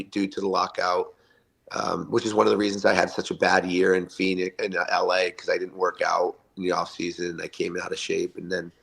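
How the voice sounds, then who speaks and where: A man in his fifties, a retired hockey player, telling animated locker-room stories as a podcast guest and acting out the quotes. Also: deep voice, creaky. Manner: animated anecdotes with acted-out quotes. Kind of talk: storytelling interview.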